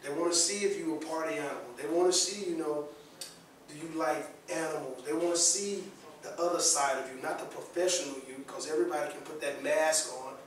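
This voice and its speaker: Brief: male workshop presenter, raised voice, animated, keeps asking "all right?", captured from a distance in a very reverberant room. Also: on the high side, fairly quick. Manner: lively, asks the audience often, repeats "all right?" and "okay?". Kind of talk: classroom workshop talk. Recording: very echoey room, voice from far off the mic.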